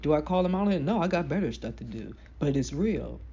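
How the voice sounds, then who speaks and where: A woman with a deep voice giving casual, frank motivational advice to camera. She talks emphatically, in slang. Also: expressive, fast, dark tone, slightly rough, highs cut off. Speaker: self-help vlogger.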